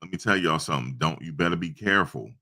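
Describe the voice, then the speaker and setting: Very deep-voiced man hosting a livestream. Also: expressive, fast talker, creaky, sharp tone. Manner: conversational, repetitive, preachy asides. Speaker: YouTube livestream host. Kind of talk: casual livestream commentary and storytelling.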